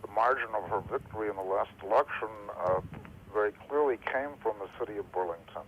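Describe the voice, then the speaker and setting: A man calling in to a televised debate, asking his question formally with hesitant pauses. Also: on the low side, a little hiss or hum. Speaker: viewer calling in. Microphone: telephone. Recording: tinny phone line over TV.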